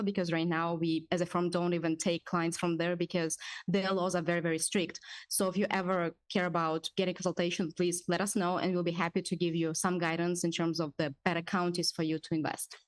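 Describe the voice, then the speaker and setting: Lady lawyer on a radio show, kinda low voice, dry close mic, practical and sure of herself. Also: no echo. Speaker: real estate attorney, radio guest. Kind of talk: casual radio talk, advising listeners.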